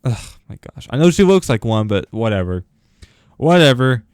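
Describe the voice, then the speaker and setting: A man's voice: medium pitch, sing-song, normal speed, clean tone, no room sound, studio quality. Rambling teenage boy ranting. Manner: rambling, filler-heavy, sarcastic. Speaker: host. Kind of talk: casual rant vlog.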